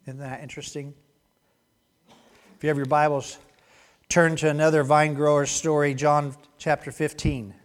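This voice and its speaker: A male pastor giving a conversational sermon, shifting between animated stretches and hushed asides. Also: fairly high pitch, moderate pace, long pauses.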